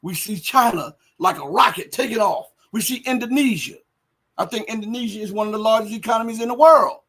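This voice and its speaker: A man hosting a livestream, reading viewer chat and commenting emphatically, firing rhetorical questions and building up to shouting. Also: high-pitched, slightly rough. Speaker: livestream host.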